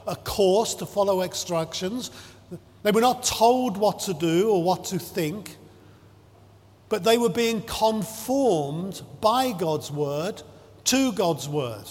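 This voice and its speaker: A man preaching a sermon in a measured, emphatic way, drawing out his phrases and stressing key words. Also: sits high. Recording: long hall reverb.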